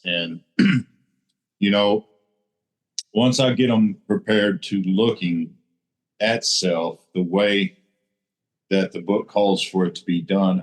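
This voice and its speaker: A plainspoken man with a very low voice, sharing on a recovery podcast. He speaks in a measured, steady way about sponsoring others.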